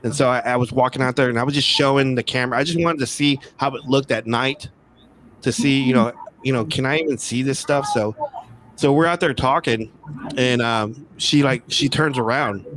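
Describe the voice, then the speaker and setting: A man's voice: medium pitch, normal speed, noisy background. This is a man with a mid-range voice, casually telling a story over a remote call. He rambles, repeats words and restarts his sentences. He grew up in Texas. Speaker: guest.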